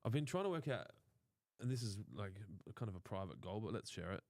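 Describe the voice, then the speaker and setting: A man's voice: lowish voice, big pitch swings, fairly quick, darkish tone, no room sound. An Australian man co-hosting a lawn care live stream, chatting casually, joking and swearing freely. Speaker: co-host of a lawn care show.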